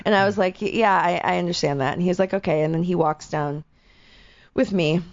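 Young female host, chatty and animated, lots of "like", muffled dry recording. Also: on the low side, a little fast, no room sound. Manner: animated, quotes people in voices, lots of "like". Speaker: actress and radio host. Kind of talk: casual storytelling chat. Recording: dull, dry lo-fi sound.

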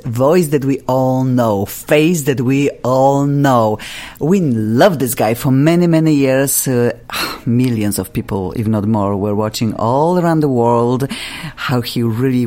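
A woman's voice: rumbling low, a little mellow. A woman with a Polish accent hosting a talk radio show, effusive and laughing often as she praises her guests. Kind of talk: bubbly talk radio chat.

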